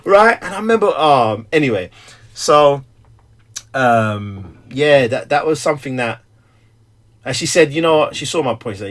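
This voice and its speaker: A middle-aged man, a stay-at-home father who also preaches, talking candidly in an animated, storytelling way with frequent laughter. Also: medium pitch, moderate pace. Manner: animated storyteller, acts out quotes, laughs often. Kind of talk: candid conversation.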